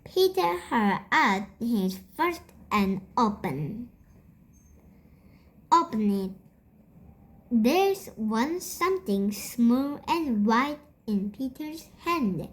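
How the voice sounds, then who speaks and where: A child reading a storybook aloud in a halting way, stumbling and repeating words. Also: mid-range voice, very animated, fairly bright tone, poor audio. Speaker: storybook reader.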